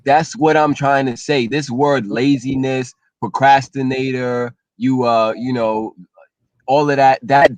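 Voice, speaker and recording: A man co-hosting a casual live-stream talk show, animated and explanatory. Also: mid-range voice, dry recording. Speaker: co-host, relationship talk.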